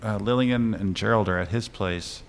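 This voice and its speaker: A man co-hosting a casual film chat, retelling scenes in an animated way with chuckles and fillers. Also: lowish voice, moderate pace, creaky, slight background noise. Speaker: podcast co-host reviewing a film.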